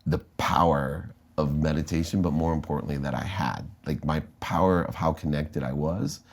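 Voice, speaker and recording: Deep-voiced American man telling a story. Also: moderate pace. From United States. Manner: animated storyteller, acting out quoted dialogue. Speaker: interview guest. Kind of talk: storytelling in a podcast interview.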